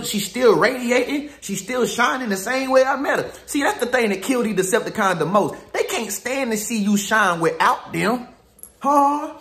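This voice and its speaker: A man's voice: very high-pitched, fairly bright tone, reverberant. A man giving a slangy, jokey pep talk as a relationship advisor. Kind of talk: casual pep-talk monologue.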